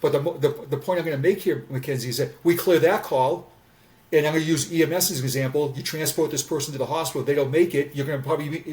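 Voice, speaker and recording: A man's voice: on the high side, fairly even intonation, quick pace, a little mellow. A man around sixty, a former police officer, telling candid stories in a podcast conversation, earnest and repeating words as he restarts sentences. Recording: voice distant from the mic.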